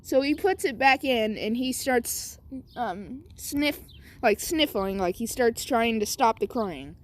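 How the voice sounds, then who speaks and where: High-voiced woman telling a rambling story. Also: animated, takes it slowly, a little hiss or hum. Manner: rambling, many fillers and asides. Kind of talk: casual improvised storytelling.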